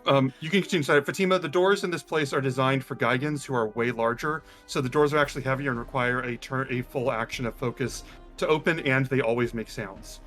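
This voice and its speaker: A man running a tabletop game as game master, talking in a relaxed, rambling way with lots of ums. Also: medium pitch, fast talker, faint music behind.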